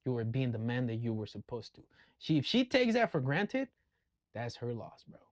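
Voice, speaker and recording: A man's voice: mid-range voice, very animated, normal speed, dry recording. A man ranting casually in a vlog, blunt and full of profanity. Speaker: vlogger. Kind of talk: casual rant.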